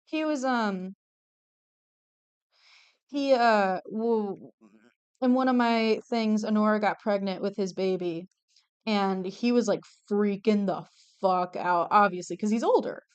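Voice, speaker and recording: Chatty young woman streamer, smooth voice. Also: medium pitch, steady tone, takes it slowly, pauses often, highs cut off. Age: young adult. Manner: gushing, chatty, swears freely, trails off mid-sentence. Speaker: streamer drawing commissioned art. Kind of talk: casual livestream chat while drawing.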